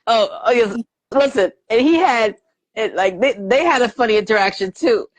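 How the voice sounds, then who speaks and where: A woman hosting a casual live movie review chat, animated and quick to laugh, acting out lines from scenes as she retells them. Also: on the high side, no room sound. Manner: animated, quotes lines in put-on voices, lots of laughter. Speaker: host. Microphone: live video stream.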